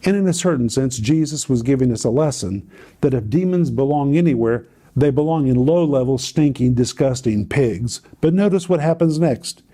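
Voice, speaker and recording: A man's voice: medium pitch, lively intonation, moderate pace, mellow. A man teaching on a Bible passage to a co-host, telling it in a dramatic, emphatic way with repeated phrases.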